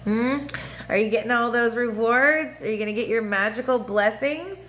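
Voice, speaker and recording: A woman hosting a casual astrology livestream, talking in an animated, profane way with laughing asides and sing-song voices. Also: a little high, normal speed, slight background noise. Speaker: livestream host. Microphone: phone or webcam mic.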